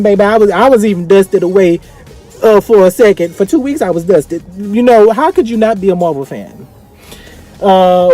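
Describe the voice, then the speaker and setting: Young man, high voice, dramatic effusive vlog review, faint music behind. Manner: effusive, dramatic, swings between excited highs and quiet sighs. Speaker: vlogger reviewing a film. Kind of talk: casual excited vlog review.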